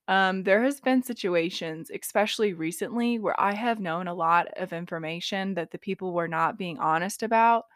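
A woman's voice: lowish voice, fairly bright tone, dry recording, clean studio sound. A young adult woman hosting a solo podcast, talking casually with lots of "like" fillers and the odd swear. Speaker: podcast host and intuitive reader.

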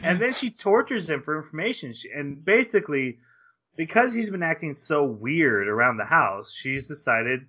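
A man's voice: fairly high pitch, expressive, normal speed, bright, forceful tone, breathy edge. A man co-hosting a podcast, casually recapping an anime and acting out the characters' lines. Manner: rambling retelling with acted-out quotes and laughs. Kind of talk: casual chat. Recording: dull lo-fi sound.

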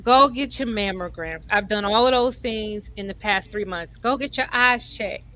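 A woman, co-hosting a casual chat and giving earnest, animated advice. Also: medium pitch, moderate pace, low-quality recording. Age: 50s. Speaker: co-host.

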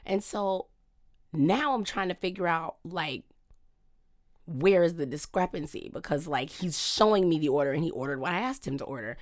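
A woman's voice: on the low side, normal speed. A woman co-hosting a podcast, telling a story in casual chat and acting out what everyone said. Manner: animated storyteller who acts out quotes, many "I'm just like". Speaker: podcast co-host.

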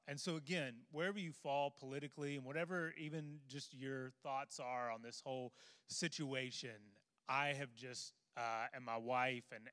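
Earnest pastor praying, in a hall. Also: male voice, mid-range voice, a bit bright, clear, resonant tone. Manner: earnest, halting, with many fillers and restarts. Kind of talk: pastoral prayer. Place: church sanctuary. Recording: long reverb of a large hall.

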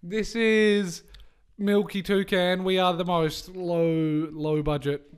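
A young man hosting a casual podcast, joking crudely and sometimes rushing his words. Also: high voice, little pitch movement, clear, resonant tone. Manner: joking, crude, bursts of fast talk. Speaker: podcast host. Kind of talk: casual chat.

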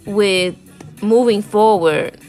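Over soft background music, a woman with a mid-range, darkish voice speaks slowly as she encourages her viewers. The tarot reader keeps it conversational and loose, repeating herself and leaning on "y'all" and "man."

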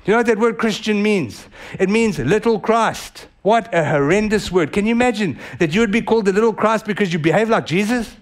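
A man with a high, bright-edged voice preaches a sermon in a church. He tells his story in an easy, conversational way, then climbs into urgent, fervent exhortation. His words push forward with conviction. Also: brisk. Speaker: pastor. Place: church sanctuary.

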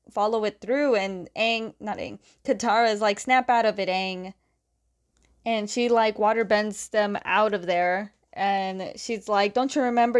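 A woman talks through a story recap in a loose, chatty way, quoting each character in turn with "and she's like." Her voice sits at an ordinary middle pitch, and she breaks into small laughs as she goes. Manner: chatty, strings quotes with "is like", laughs often. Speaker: comic book recapper.

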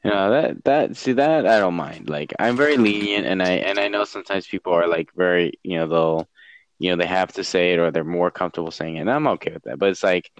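A young man with a very deep, smooth voice chats casually, pausing often and filling gaps with "like". The recording is dry and close. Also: dry recording. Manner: hesitant, many fillers and restarts. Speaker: streamer. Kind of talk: casual chat.

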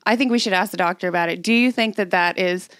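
A woman's voice: medium pitch, fast, a bit bright, dry recording, clean studio sound. A young woman co-hosting a podcast in casual chat, blunt and swearing freely as she tells stories. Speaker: podcast co-host.

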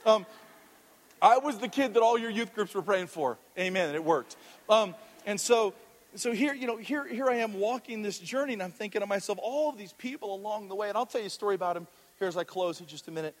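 High-voiced pastor preaching in a hall. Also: male voice, fairly quick. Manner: storytelling with audience questions, frequent restarts. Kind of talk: sermon. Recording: long hall reverb.

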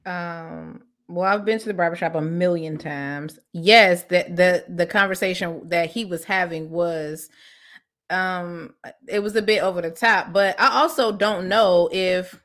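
A woman's voice: fairly low pitch, fairly even intonation, unhurried, fairly bright tone. A woman co-hosting a casual chat podcast, blunt and profane, laughing easily. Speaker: podcast co-host.

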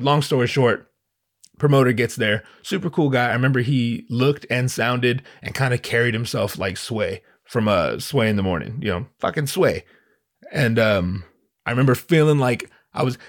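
A man hosting a podcast, telling a story in a casual, animated way, with lots of stammering restarts and profane slang. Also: medium pitch. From Southern California. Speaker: podcast host.

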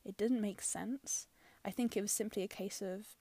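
Chatty woman with a gravelly edge. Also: mid-range voice, fairly even intonation, normal speed, warm tone, dry recording. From London. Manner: chatty and opinionated, many fillers, drops into whispery asides. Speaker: film reviewer. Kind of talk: casual spoken film review.

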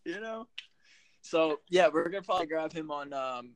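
A man's voice: a little high, expressive, normal speed, no room sound. A man hosting a casual podcast, loose and profane, laughing often between remarks. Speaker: podcast host.

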